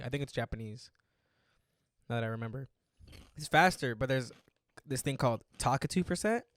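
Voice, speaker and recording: This casual podcast chat features a young male co-host who teases his friend, swears freely and uses plenty of filler words. His voice is medium-pitched, recorded at studio quality with no room sound.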